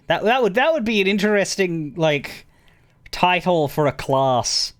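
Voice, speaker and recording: A man's voice: on the high side, lively intonation, moderate pace. A man streaming a game, chatting casually in a rambling way, stammering and chuckling as he talks to his chat.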